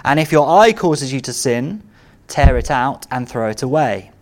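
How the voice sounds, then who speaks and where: A man preaches an earnest sermon at a moderate pace, his medium-pitched voice lively in intonation. He builds to emphatic, repeated calls.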